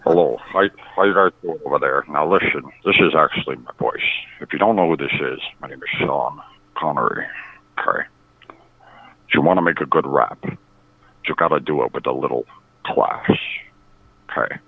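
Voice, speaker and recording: A male caller on a phone line doing an impression of an older gentlemanly movie star, theatrical and saying okay a lot. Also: very deep voice, moderate pace, pauses often, husky, no room sound, pitched below the performer's own voice, full character voice. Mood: suave.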